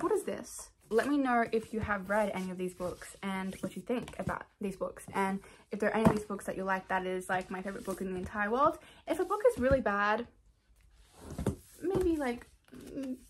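A young Australian woman with an Australian accent, chatting casually in a rambling book haul vlog from her room, full of "like" and quick asides. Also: medium pitch, background noise. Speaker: book vlogger.

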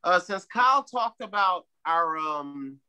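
A man's voice: sits high, expressive, slow, bright, forceful tone, clear, resonant tone. A man hosting a bar comedy night, hyping up the last comic and repeating his praise. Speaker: comedy show host. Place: small bar stage.

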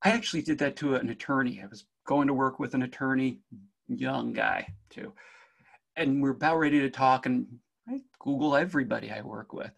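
A middle-aged New Jersey man with a faint Jersey accent gives a jokey cybersecurity conference talk, addressing the audience directly. His mid-range voice is brisk and carries vocal fry.

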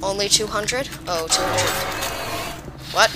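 A woman giving chatty, excitable, rambling commentary while playing a video game. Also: medium pitch, slow, loud music behind the voice, rough recording. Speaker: let's play gamer. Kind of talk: casual gameplay commentary.

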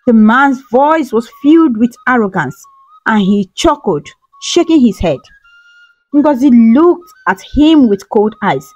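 Woman, folktale narrator, scripted, dramatic, high pitched, faint music. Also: sing-song, a little slow, a little mellow, no echo, poor audio. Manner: dramatic storytelling. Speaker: storyteller.

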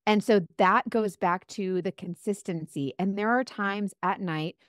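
A woman guest telling a faith-filled personal story in an earnest, animated way, often saying "like". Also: medium pitch, measured pace, no echo, clean studio sound. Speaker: guest, makeup seller.

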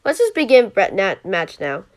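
A channel host giving rambling commentary on a mobile game, who yelps and groans at misses. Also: female voice, mid-range voice, sing-song, normal speed, darkish tone. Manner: rambling, restarts sentences.

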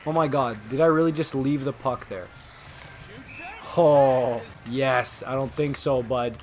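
A young man giving live gameplay commentary, excitable and trash-talking, swinging between low muttering and sudden yelling. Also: takes it slowly, slight background noise. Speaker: gaming video host.

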